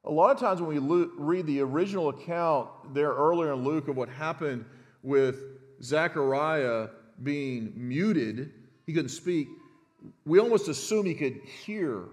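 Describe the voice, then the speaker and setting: A middle-aged male pastor preaching in a church, his fairly high voice ringing with a long hall reverb. He teaches in a relaxed, conversational way, stumbling over and repeating words and tossing in "right?" to keep the room with him. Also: unhurried. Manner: conversational, often restarts words and checks in with "right?". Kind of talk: expository sermon.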